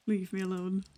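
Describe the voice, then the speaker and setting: A woman's voice: medium pitch, dark tone. A Welsh woman playing in a tabletop role-play stream, chatting casually between scenes, laughing often, swearing freely and teasing. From Wales. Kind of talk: casual banter on a live stream.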